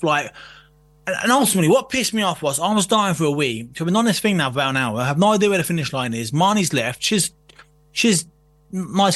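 A man's voice: a little high, a bit bright. A man telling a story in casual chat, swearing and laughing as he goes. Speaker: guest.

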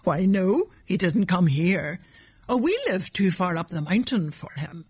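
A woman voicing a kindly, hard-working farmer father who speaks gently and sounds puzzled. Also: fairly low pitch, animated, a little slow, slightly rough, no room sound.

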